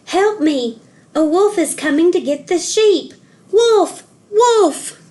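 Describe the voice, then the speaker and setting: A woman voicing a young shepherd boy in a children's storybook read-aloud, crying out for help in high, loud calls. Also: lively intonation, takes it slowly, exaggerated voice. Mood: shouting alarm. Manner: loud high shouting of alarm. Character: young shepherd boy, mischievous then frightened.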